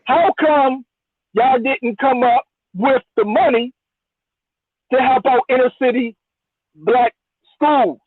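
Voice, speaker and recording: A man's voice: extremely high pitch, slow, pauses often, breathy edge, no room sound. A man calling in to a heated debate, insistent and repeating himself for emphasis. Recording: tinny phone line.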